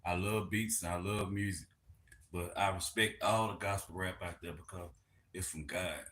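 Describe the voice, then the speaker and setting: A man's voice: low-pitched, fairly even intonation, moderate pace, fairly bright tone. A man, the host's husband, chatting casually at home with laid-back, mumbled remarks. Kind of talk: casual chat. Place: home, indoors.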